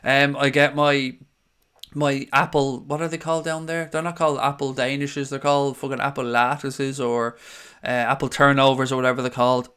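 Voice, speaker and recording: A man's voice: medium pitch, flat delivery, moderate pace, fairly bright tone, clean tone. A young man hosting a fan stream, reading the live chat aloud and answering viewers in a chatty, sweary way. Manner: chatty, swears freely, calls viewers mate.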